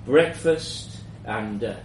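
A man's voice: mid-range voice, lively intonation, slow. Man reading a story in an echoey room. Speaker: narrator. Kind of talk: first-person story reading. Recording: roomy echo, mic at a distance, faint background hum.

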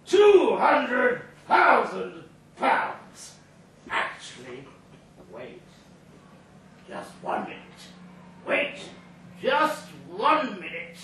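A man reading the part of a drunk, boastful banker at a live story event, shouting and drawing out his words. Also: high-pitched, wildly swooping pitch, slight background noise, full character voice. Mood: drunk boasting. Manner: loud, braggy, drawn-out drunken shouting. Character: drunk boastful male banker in a Santa hat. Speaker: reader performing a character. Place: pub function room at a live reading. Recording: echoey room from far off.

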